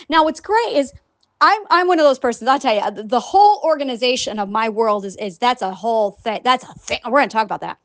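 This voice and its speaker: A woman talking casually on her vlog in an animated, rambling way, swearing now and then and acting out other people's voices. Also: high-pitched, no room sound. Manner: animated and rambling, with frequent profanity; acts out quoted voices. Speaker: scientist and online writer. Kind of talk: casual unscripted vlog monologue.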